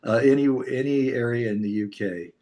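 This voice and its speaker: An American man conducting a casual interview, chatty and quick to laugh. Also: medium pitch, dark tone. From United States.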